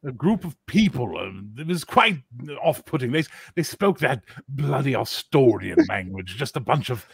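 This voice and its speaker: A man's voice: mid-range voice, big pitch swings, moderate pace, vocal fry, slightly rough, dry recording, studio quality, pitched above the performer's own voice, full character voice. A man voicing a fussy tall thin balding innkeeper in a tabletop game, blustering and gushing over money. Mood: gossipy. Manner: blustering, gushing over coin, shouting orders.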